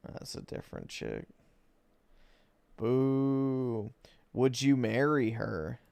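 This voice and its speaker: A man livestreaming, reacting casually to videos with slow, blunt, sardonic remarks. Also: mid-range voice, expressive, creaky, a little mellow, no room sound.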